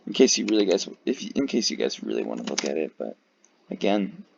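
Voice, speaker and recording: A tired man talks through a flag ranking in a low, gravelly voice. His pitch swings widely as he rambles, curses and trails off into fillers. The dull, lo-fi mic flattens his sound. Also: quick pace, a little hiss or hum. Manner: rambling, profane, many fillers. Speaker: video creator ranking flags. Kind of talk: casual commentary.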